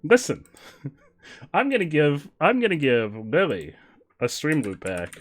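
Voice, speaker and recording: A man's voice: fairly high pitch, wildly swooping pitch, a little slow, faint music behind. A male streamer chatting casually with his viewers while playing, joking and laughing often. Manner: joking, laughs often, reads chat aloud. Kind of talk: casual live-stream chat while gaming.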